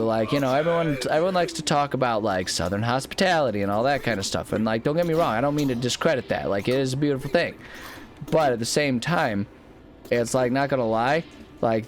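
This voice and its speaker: A young man casually commenting on a video game as he plays, thinking aloud and rambling with lots of restarts. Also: lowish voice. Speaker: let's play host.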